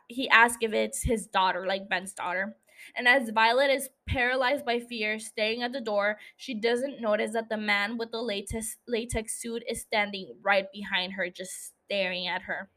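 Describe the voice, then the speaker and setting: A woman's voice: a little high, sharp tone. A young woman hosting a podcast, casually recapping a TV episode, chatty and teasing, swearing freely and laughing at her own asides. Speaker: podcast host.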